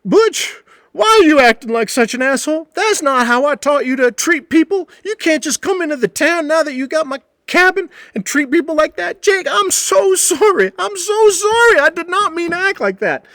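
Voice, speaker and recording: Drunk remorseful barfly voiced by a man, high squeaky strained voice, pleading, overwrought. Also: expressive, normal speed, fairly bright tone, no room sound, studio quality, full character voice. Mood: pleading apology. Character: drunk, remorseful middle-aged man, gushing apologies.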